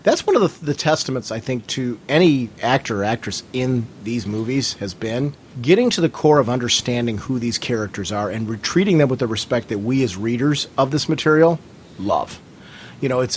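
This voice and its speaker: A man's voice: mid-range voice, slight background noise. Earnest man co-hosting a fan podcast. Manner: earnest, emphatic, speaks at length. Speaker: podcast co-host. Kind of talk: casual fan podcast discussion.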